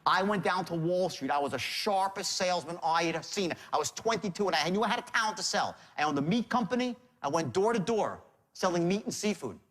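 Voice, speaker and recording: A man's voice: high-pitched, lively intonation, brisk, fairly bright tone. A man teaching sales in a seminar lecture, emphatic, quizzing the audience and answering himself. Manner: emphatic, asks the audience questions and answers them. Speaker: sales trainer.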